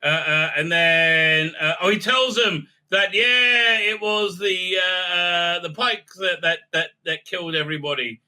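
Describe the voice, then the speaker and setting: A man's voice: high-pitched, a little slow, hardly any pauses, sharp tone. A man giving a casual, mocking review, rambling with many fillers. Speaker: video reviewer.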